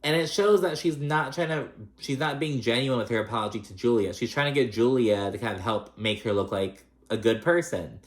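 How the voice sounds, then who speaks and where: A man's voice: medium pitch, brisk, hardly any pauses. Gossipy man in a roomy echo. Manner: chatty, gossipy and profane, with frequent fillers. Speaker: reality TV recap host. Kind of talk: casual recap commentary.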